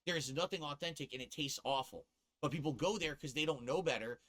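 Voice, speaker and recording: A man's voice: fairly high pitch, quick pace, fairly bright tone. A man from the US East Coast ranting and cursing on a casual live stream, laughing at himself as he goes.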